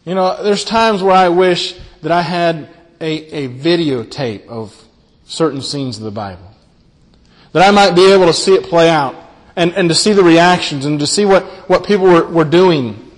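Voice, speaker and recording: A pastor preaches a sermon on a Bible passage in a fairly high, earnest voice, often repeating his words. He slows and softens on key phrases, and the long reverb of a large hall rings around him.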